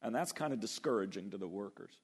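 A man preaching a sermon, animated, acting out biblical voices and slowing down to stress key words. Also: lowish voice, breathy edge. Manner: animated, acts out biblical voices, slows for emphasis. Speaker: pastor.

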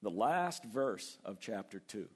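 A man preaching a sermon, animated, acting out biblical voices and slowing down to stress key words. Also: fairly low pitch, breathy edge. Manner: animated, acts out biblical voices, slows for emphasis. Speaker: pastor.

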